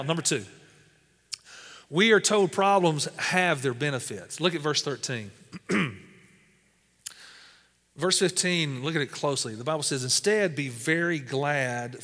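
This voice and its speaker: A man's voice: on the high side, fairly bright tone, long reverb tail. A man preaching a sermon as pastor, speaking conversationally with lots of "you know" fillers.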